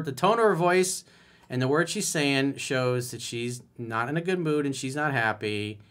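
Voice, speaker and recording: A man's voice: medium pitch, a bit bright. A man giving dating advice as a coach in a solo video, reading a viewer's email aloud and commenting on it bluntly and emphatically.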